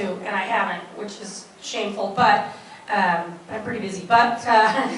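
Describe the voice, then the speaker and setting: A woman's voice: medium pitch, a bit bright, a little hiss or hum. A woman voice actor on a convention panel who rambles in a chatty way and giggles often. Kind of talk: casual panel talk. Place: convention hall. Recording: echoey convention hall from far off.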